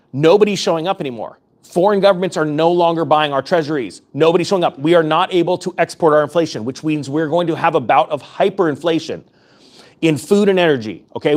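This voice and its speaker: A man's voice: a little high, darkish tone. A man giving urgent, fired-up finance commentary to camera as a YouTube host, repeating points for emphasis. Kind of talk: impassioned direct-to-camera commentary.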